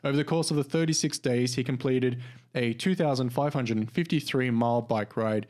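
Speaking briskly in a medium, slightly mellow voice, this young podcast co-host rambles through a casual chat. He leans on lots of fillers and keeps restarting his sentences.

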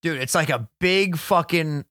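A man's voice: a little high, measured pace, sharp tone, no room sound. A man co-hosting a podcast in casual, crude, joking banter, close to the mic. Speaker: podcast co-host.

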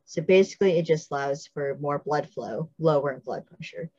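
A woman's voice: deep voice, normal speed, darkish tone, husky, no echo, highs cut off. A woman hosting a podcast, recapping a TV episode in casual chat and stopping to explain details with asides. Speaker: podcast host.

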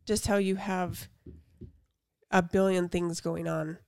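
A young mom on a podcast with a lowish voice, chatting casually and reading aloud with earnest feeling. The mic sound is dry and close. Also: female voice, flat delivery, slow, darkish tone, dry recording. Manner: reads a passage aloud earnestly, then chats. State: slightly out of breath while reading. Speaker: podcast co-host. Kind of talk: casual chat.

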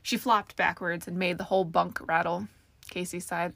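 A woman narrating a fantasy story aloud in a steady storytelling manner, giving each character a voice. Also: fairly low pitch, normal speed, vocal fry, dry recording. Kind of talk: audiobook narration.

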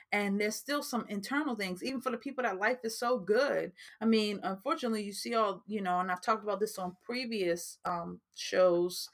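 A woman's voice: medium pitch, fairly bright tone. A woman from New Jersey with a New Jersey accent, hosting a casual faith-based advice podcast in a chatty way that repeats itself. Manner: chatty, repeats herself, frequent fillers. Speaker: podcast host.

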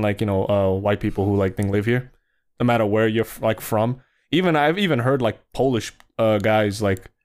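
A man's voice: on the low side, moderate pace, darkish tone, clean tone. A young man from New Jersey, co-hosting a podcast in a casual chat, rambling with lots of fillers and sliding into mock voices. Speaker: podcast co-host.

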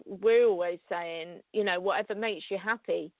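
A woman's voice: on the low side, normal speed, dry recording. A British woman co-hosting a call-in radio show, chatting casually with fillers and restarts. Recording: dry phone-like line.

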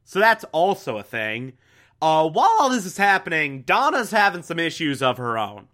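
A man's voice: fairly high pitch, sing-song, normal speed, pushed and bright. A young man casually recapping a TV show, enthusiastic and repetitive, with lots of fillers. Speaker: TV recap host.

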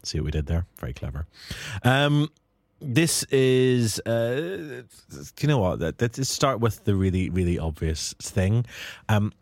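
Lively Northern Irish man, film chat. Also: lowish voice, unhurried, no room sound. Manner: jokey, animated, lots of fillers. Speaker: podcast host. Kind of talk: casual film discussion.

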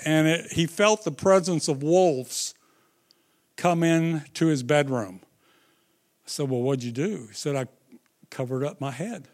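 A middle-aged man preaching a sermon, telling stories with dramatic swings between loud and hushed delivery. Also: on the high side.

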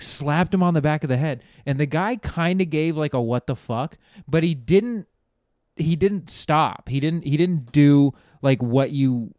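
Smooth-voiced man telling rambling stories. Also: mid-range voice, a little mellow, dry recording, clean studio sound. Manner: rambling, profane, trails off and restarts; laughs at his own jokes. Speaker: podcast host. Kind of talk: casual comedic storytelling.

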